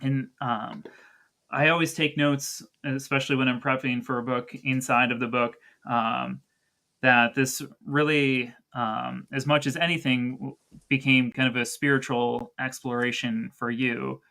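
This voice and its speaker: Guy interviewing an author, bright clear voice, casual storytelling. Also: mid-range voice, level tone, measured pace. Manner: conversational, storytelling. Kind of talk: interview conversation.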